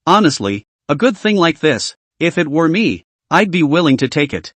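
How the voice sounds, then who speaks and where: A blunt, talkative middle-aged taxi driver, read by a man with a somewhat high, lively voice. He rambles on in a skeptical, chatty way. The recording is dry and close, with no room sound. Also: normal speed, dry recording. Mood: teasing. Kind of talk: scripted story narration.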